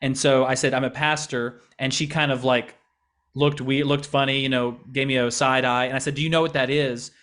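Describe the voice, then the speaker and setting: A man's voice: medium pitch, level tone, fairly quick, a bit bright. An American man, a pastor and missionary, answering interview questions in an earnest, conversational way with frequent restarts and repeated words. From United States.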